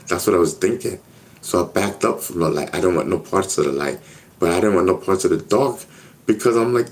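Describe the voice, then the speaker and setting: A man's voice: on the low side, expressive, quick pace, a little mellow. A man telling a personal story in a casual interview, earnest and repetitive, often checking in with "you know what I mean?". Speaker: interview guest.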